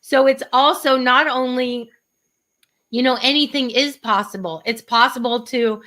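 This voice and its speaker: A woman's voice: high voice, fairly even intonation, bright, forceful tone. An older woman hosting an interview, gushing and emotional about a book on a video call. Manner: gushing, emotional, fast bursts of speech. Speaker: show host. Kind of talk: conversational interview.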